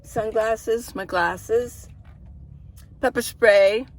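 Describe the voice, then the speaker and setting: Speaking very slowly in a fairly high-pitched voice, a middle-aged female vlogger gives a handheld-camera look inside her minivan. She's chatty and rambling, and she laughs a lot.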